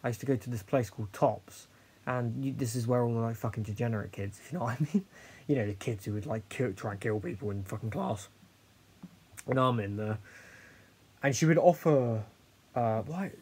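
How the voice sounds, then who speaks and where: A young man telling a personal story in a candid, halting way, with many fillers and some swearing. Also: medium pitch, a little mellow, husky. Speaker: host sharing his story.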